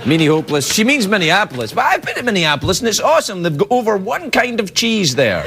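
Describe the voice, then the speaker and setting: A man's voice: sits high, sing-song, fast. A man hosting a late-night talk show, rambling through a comic monologue and viewer emails with self-mocking jokes, recorded in a TV studio. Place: TV studio with live audience. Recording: loud studio audience laughter and noise.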